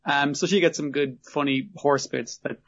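A man's voice: fairly high pitch, fairly even intonation, moderate pace, a bit bright. A man casually and animatedly recapping an episode on a podcast, swearing and laughing often. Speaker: podcast co-host. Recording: muffled lo-fi audio.

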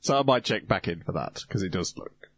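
A man on a podcast explaining things in a measured, casual way. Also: low voice, lively intonation, slight background noise. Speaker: podcast co-host. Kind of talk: casual chat.

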